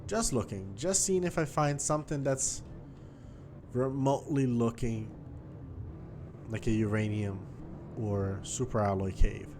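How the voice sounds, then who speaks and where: A man's voice: medium pitch, unhurried, long pauses, noisy background. A man giving casual gameplay commentary, chatty and thinking aloud as he explores, with faint game music behind him. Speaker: gaming YouTuber.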